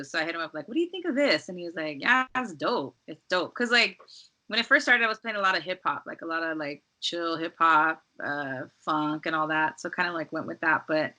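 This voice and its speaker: A woman from Los Angeles, a DJ, chatting casually as a podcast guest in a relaxed, rambling way full of "like" and "um.". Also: lowish voice, moderate pace. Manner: relaxed, rambling, heavy use of "like" and "um".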